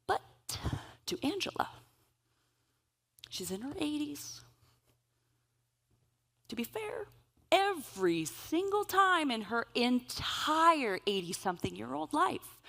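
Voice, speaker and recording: A woman giving a conference keynote, telling stories in an animated, humorous way. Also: sits high, gravelly. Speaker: keynote speaker. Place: event stage.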